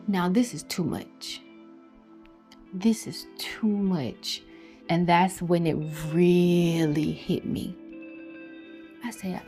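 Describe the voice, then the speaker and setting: A young woman telling her own story of a hard pregnancy, emotional and dropping to near whispers at the hardest parts. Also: on the low side. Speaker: testimony speaker. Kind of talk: personal testimony storytelling. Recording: soft music behind.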